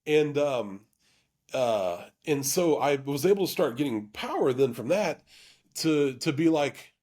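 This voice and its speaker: A man's voice: mid-range voice, animated, darkish tone. A man hosting his own channel, telling a personal story with candor. He often stops and restarts his sentences and leans on fillers. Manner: halting, full of restarts and fillers; earnest and emotionally open. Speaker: YouTube channel host.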